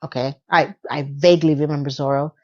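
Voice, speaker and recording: A woman's voice: sits low, steady tone, a little fast, muffled recording. Chatty, sassy woman recapping a show. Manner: chatty and sassy, with playful asides and self-corrections. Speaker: video host. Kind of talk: casual episode recap commentary.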